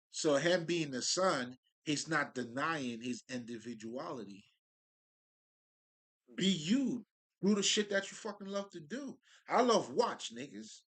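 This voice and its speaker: Male spiritual talker, bright tone, casual profane street-style musing with restarts. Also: mid-range voice. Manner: loose, profane street talk, restarts and laughs. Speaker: spiritual speaker.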